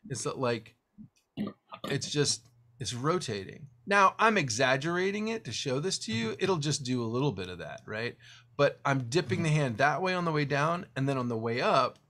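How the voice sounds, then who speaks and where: A man teaching a guitar lesson one-on-one, explaining technique as he demonstrates, swinging between lively stressed phrases and quiet asides. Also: mid-range voice, moderate pace. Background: guitar strumming.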